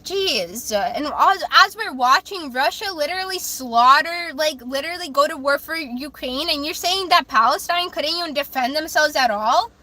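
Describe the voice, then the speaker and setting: A woman's voice: high-pitched, lively intonation, moderate pace, few pauses, bright, forceful tone. A woman hosting a livestream, reading chat messages aloud and answering them in a heated, emphatic way, swearing often and repeating her points. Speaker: livestream host. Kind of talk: livestream talk reacting to chat.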